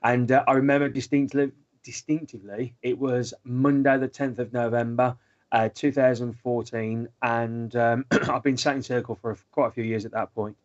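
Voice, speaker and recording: A man being interviewed as a guest, telling his story in a relaxed way with frequent fillers. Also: medium pitch, normal speed, highs cut off. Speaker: guest medium. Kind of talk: interview answers.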